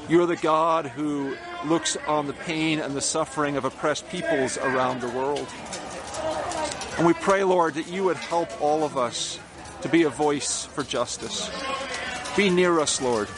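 Man leading an earnest spoken prayer. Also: on the high side. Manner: earnest, rhythmic repetition. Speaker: prayer leader.

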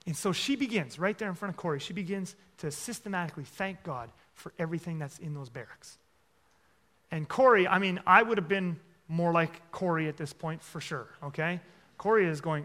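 A man's voice: high-pitched, expressive, a little fast, bright, forceful tone. A man preaching a sermon and telling a story, with frequent "okay?" asides and playful mockery.

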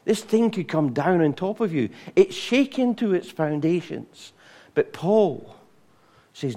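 A middle-aged man preaching a sermon, animated, acting out voices and singing. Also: on the high side, slow. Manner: animated, acts out voices, sings hymn lines.

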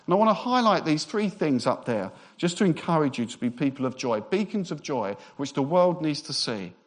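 A man preaching a Christmas sermon as pastor, emphatic and repetitive, with relaxed humorous asides. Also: fairly high pitch, a little fast. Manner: emphatic, repeats phrases for effect; conversational asides with light humour.

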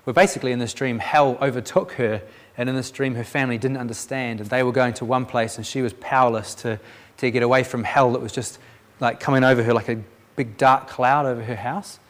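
A man's voice: mid-range voice, steady tone, fairly quick. A man sharing a Christian testimony as a preacher, telling the story with animation, acting out the voices in it and often restarting his sentences.

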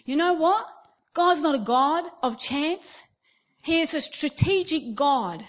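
A middle-aged Australian woman with a high voice delivers a sermon. She tells stories with energy and slips into the voices of the people she describes. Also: takes it slowly. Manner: animated storytelling, acting out quoted voices. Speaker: preacher.

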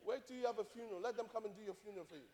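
A man's voice: high-pitched, rapid-fire, dark tone, big-room sound. A male pastor preaching a sermon, emphatic and direct, repeating key phrases and asking rhetorical questions.

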